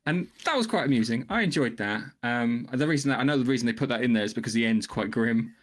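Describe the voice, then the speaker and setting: A man's voice: medium pitch, lively intonation, quick pace. A man co-hosting a casual podcast chat, dry and rambling. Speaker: podcast co-host.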